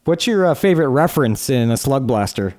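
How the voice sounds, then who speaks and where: A man co-hosting a podcast, asking quick playful questions in a casual interview. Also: medium pitch, expressive, a little mellow, no echo, studio quality. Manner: playful, asks rapid questions. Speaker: podcast co-host.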